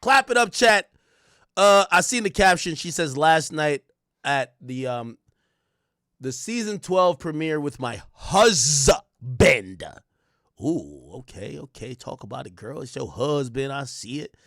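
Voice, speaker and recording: Male streamer, casual crude commentary to chat; lively pitch, dry booth sound. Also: takes it slowly, no echo. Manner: crude, animated ranting with frequent laughs. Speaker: livestream host.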